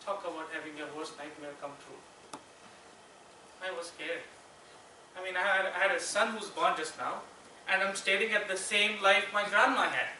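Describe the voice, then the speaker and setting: Bright-voiced male speaker, slow and dramatic, miked from afar in an echoey room. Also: sits high. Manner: slow, dramatic pauses, rhetorical questions. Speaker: contest speaker. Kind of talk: persuasive speech. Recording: echoey room, far mic, faint noise.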